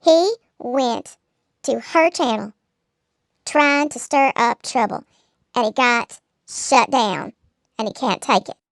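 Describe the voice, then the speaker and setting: A woman's voice: on the high side, slow, gravelly, dry recording, low-quality recording. A woman narrating a scripted commentary in a sarcastic, mocking tone, full of dramatic rhetorical questions. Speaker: commentary channel host.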